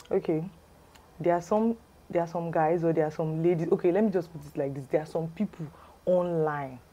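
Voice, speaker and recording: A woman with a Yoruba accent tells a story in a chatty, exclamatory vlog style. Her voice sits a little low and sounds soft and mellow. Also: rough recording. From Nigeria. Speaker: lifestyle vlogger. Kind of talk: casual storytime.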